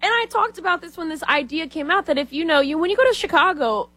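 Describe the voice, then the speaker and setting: A woman co-hosting a talk show, telling stories in an animated, emphatic way. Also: extremely high pitch, fast talker, no room sound. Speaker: co-host. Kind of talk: casual talk show chat.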